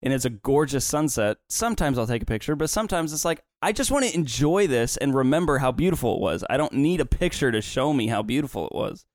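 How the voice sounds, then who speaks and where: A man's voice: big pitch swings, quick pace, hardly any pauses, dry recording, clean studio sound. A young man chatting with his family on a podcast, opinionated and getting worked up. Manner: opinionated, ranting, rising pitch when worked up. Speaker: son, podcast co-host. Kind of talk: casual family chat.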